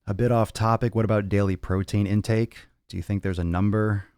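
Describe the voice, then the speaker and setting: A man's voice: lowish voice, fairly even intonation, a little fast, darkish tone, clean tone, dry recording, studio quality. A man hosting a casual fitness podcast and answering viewer questions bluntly, with profanity and lots of repeated, rambling phrasing. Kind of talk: casual livestream Q&A.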